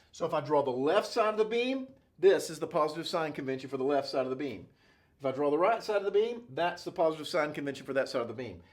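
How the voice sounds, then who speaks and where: A male engineering instructor giving a classroom-style lecture at a whiteboard, playful and jokey, checking in with "okay?" and "right?" all the time. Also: fairly high pitch.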